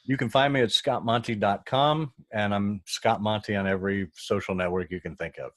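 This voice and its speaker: A man with a low voice tells a story in casual conversation. He gets animated and acts out the voices of the people in it. The recording is dry and close. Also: fairly quick, no room sound. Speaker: guest.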